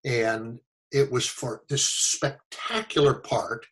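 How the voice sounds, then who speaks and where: An older American actor telling stories in a casual interview, animated and fond of acting out the voices of people he quotes. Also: medium pitch, slow, rough recording. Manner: animated storyteller, acts out quoted voices, chuckles often. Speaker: actor guest.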